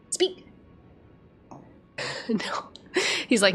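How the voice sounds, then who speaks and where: A woman's voice: on the high side, big pitch swings, slow, long pauses, breathy edge. A woman streaming a video game, chatting casually and giggling, who switches to baby talk with her dog. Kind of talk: casual live-stream chat.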